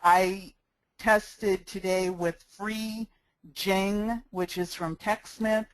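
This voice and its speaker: Speaking extremely slowly with a steady tone and medium pitch, this woman teaches sales and marketing in a step-by-step screencast. She sounds friendly, practical and smiling, using a cheap headset microphone. The audio has no room sound and is low quality.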